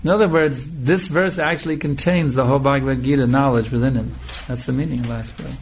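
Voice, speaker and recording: A man giving a scripture lecture as a spiritual teacher, speaking slowly and emphatically and repeating phrases for emphasis. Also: mid-range voice, fairly even intonation, slight background noise.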